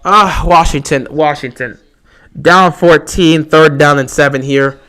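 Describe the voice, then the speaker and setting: A man's voice: a little high, fairly even intonation, measured pace, pushed and bright, smooth. Emphatic, opinionated man hosting a sports livestream. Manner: reads and answers viewer questions. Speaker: livestream host. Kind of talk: casual sports fan livestream chat.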